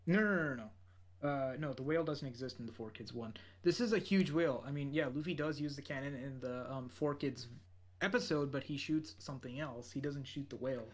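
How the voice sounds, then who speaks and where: A podcast co-host, a man with a medium-pitched voice, briskly recaps an anime episode. His talk rambles, full of fillers and restarts.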